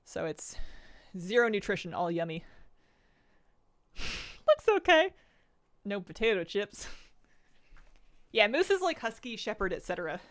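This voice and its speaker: A woman's voice: mid-range voice, big pitch swings, measured pace, pauses often, no echo. A woman from the United States streaming from home, chatting casually and thinking aloud while she eats and plays a game. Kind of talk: casual live-stream gaming chat.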